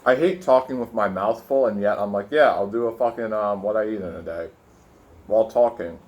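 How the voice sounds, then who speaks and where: A man's voice: on the low side, brisk, a little mellow. A young man vlogging from his room, rambling casually with lots of fillers and swearing while he eats. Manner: rambling, profane, filler-heavy, talking while eating. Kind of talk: casual food vlog with rant.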